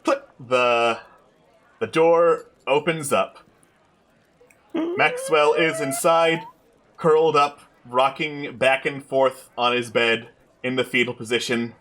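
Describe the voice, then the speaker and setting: Male tabletop GM, slow and clipped narration. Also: mid-range voice, fairly bright tone, slight background noise. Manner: terse, deliberate scene narration. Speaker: game master.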